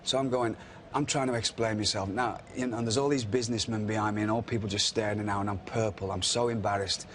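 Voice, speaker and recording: A man's voice: lowish voice, quick pace, few pauses, a little hiss or hum. A middle-aged man, telling wrestling anecdotes in casual chat and acting out the quotes. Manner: animated anecdotes with acted-out quotes. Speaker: wrestling podcast guest. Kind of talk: casual storytelling.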